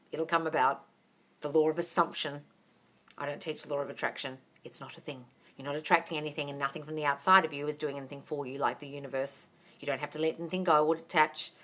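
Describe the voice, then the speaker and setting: Bright-voiced woman hosting a live Q&A. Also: low-pitched. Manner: chatty, emphatic, laughs often; addresses viewers as darling. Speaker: manifestation coach. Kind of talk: live-stream Q&A. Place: at home, on a phone live stream. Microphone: phone.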